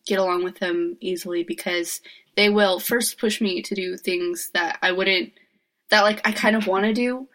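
A woman's voice: mid-range voice, fairly even intonation, normal speed, a bit bright. Woman on a podcast, chill matter-of-fact voice, teases her cohost a bit. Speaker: podcast co-host. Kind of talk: casual chat.

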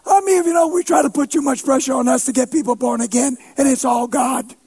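A preacher telling a story in a sermon, animated and funny, breaking into shouts for emphasis and poking fun at himself. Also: male voice, very high-pitched, quick pace, husky, soft background music. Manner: animated, shouts for emphasis, playful self-mocking humor.

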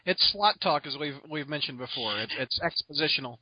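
A man's voice: on the high side, lively intonation, a little fast, no echo, muffled recording. A man co-hosting a podcast, chiming in with brief, dry comments. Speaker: podcast co-host. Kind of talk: casual discussion.

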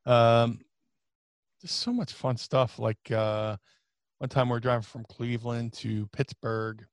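A man telling a casual, animated story as a podcast guest, jumping into a high falsetto when he quotes himself. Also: slow pace, smooth, no echo, clean studio sound. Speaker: podcast guest, former wrestler.

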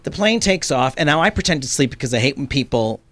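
A man, a comedian, chatting casually and telling a lively story, acting out the voices of the people in it. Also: on the high side, fast talker. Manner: animated storyteller, acts out quoted voices. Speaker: comedian guest. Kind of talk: casual chat.

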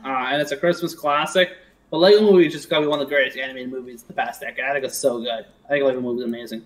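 A man co-hosting a casual movie podcast, agreeable and quick to chime in. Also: mid-range voice, fairly even intonation, poor audio. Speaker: podcast co-host.

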